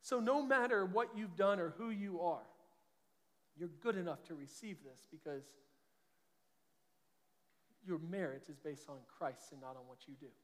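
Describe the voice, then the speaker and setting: High-voiced preacher in an echoing hall. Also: male voice. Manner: earnest, conversational preaching with quick restarts. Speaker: pastor. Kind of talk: sermon.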